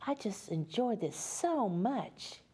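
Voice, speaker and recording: A woman from Louisiana with a Louisiana accent tells a children's story at story time. Her voice is mellow and swoops up and down in a sing-song lilt as she coaxes little listeners to join in. She takes her time, unhurried and gentle. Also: mid-range voice, big pitch swings, breathy edge. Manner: sing-song, coaxing, speaks to young children.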